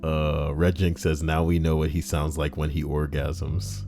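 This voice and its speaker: A man live-streaming, reading out stories and donations in casual, profane banter that jumps between mumbling and loud outbursts. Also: rumbling low, monotone, a little slow, gravelly, soft background music.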